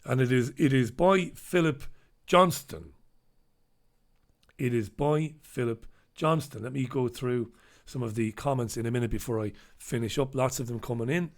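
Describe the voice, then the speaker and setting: A man's voice: mid-range voice, moderate pace, a little mellow. Male host, casual sardonic commentary on the day's papers, salty language, reads comments on air. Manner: sardonic, swears freely; reads out viewer comments and headlines. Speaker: host reviewing newspapers.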